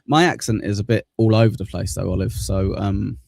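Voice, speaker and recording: Gravelly southern English man, laid-back. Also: on the low side, a little fast, a little mellow, dry recording, clean studio sound. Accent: southern English, near Cockney. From southern England. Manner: rambling, laid-back, swears casually. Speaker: livestream host. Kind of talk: casual chat reading viewer comments.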